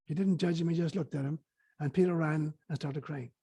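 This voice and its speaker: A man's voice: fairly high pitch, fairly even intonation, brisk, warm tone, husky. A man speaking as an interview guest, telling a story earnestly with hesitant fillers.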